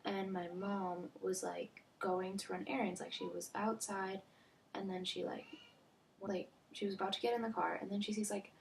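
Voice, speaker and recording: A young woman vlogger tells a storytime in a chatty way, packing her speech with "like" and often sinking to a near-whisper. Her voice is medium-pitched with vocal fry, a level tone and a moderate pace. Faint background noise sits under the recording.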